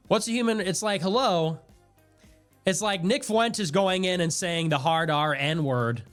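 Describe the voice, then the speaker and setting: A young man in his twenties with a high voice rants on his livestream, fast and animated, often breaking into laughs. Faint music plays behind him. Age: 20s. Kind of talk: casual stream rant.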